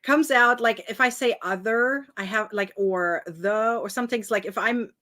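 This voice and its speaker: A woman's voice: a little high, moderate pace, sharp tone. A woman in her thirties with a slight foreign accent, a guest chatting and laughing often while she tells stories in an interview. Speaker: guest crafter. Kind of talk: casual interview chat.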